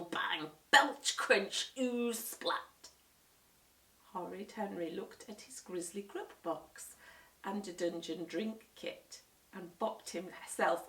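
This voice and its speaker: A woman reading a children's book aloud in an expressive storytelling manner. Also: medium pitch. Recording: echoey room, mic at a distance.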